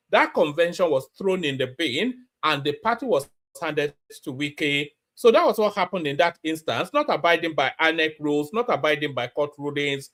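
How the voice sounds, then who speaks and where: A man's voice: a little high, a bit bright. A man hosting a news commentary show, talking in a mocking, casual way with many fillers and restarts. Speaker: commentary channel host.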